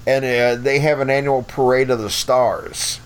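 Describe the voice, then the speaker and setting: A man's voice: medium pitch, level tone, measured pace, smooth. A man in his fifties, a podcast guest telling casual stories in a blunt, profane, rambling way. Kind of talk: casual storytelling.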